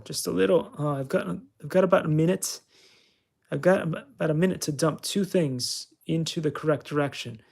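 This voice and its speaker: A man talks himself through a flight simulator in a loose, joking way, coaching and teasing himself as he plays. His voice sits a little higher than most men's and carries a gravelly edge. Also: darkish tone. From California. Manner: chatty, self-mocking, talks to himself while playing. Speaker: channel host. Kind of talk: casual gameplay commentary.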